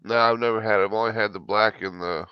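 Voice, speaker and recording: A man's voice: fairly low pitch, steady tone, fast, clear, resonant tone, highs cut off. A man chatting as a guest on a livestream, laughing easily. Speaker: stream guest. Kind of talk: casual chat.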